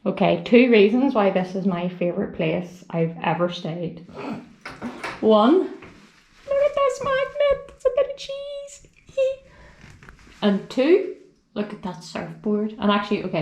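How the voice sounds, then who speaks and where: Woman, tired hiker, lively swooping voice, slow unhurried talk, loud music behind. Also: medium pitch. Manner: excited, exclamatory, breathless chatter. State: exhausted. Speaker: hiker vlogger. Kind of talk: walking vlog. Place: outdoors on a windy coastal trail.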